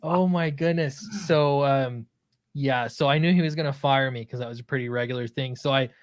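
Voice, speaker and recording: A man's voice: mid-range voice, no room sound. Laughing, self-mocking man telling a story. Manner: self-deprecating, laughing, halting restarts. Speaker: podcast co-host. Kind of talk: casual storytelling chat.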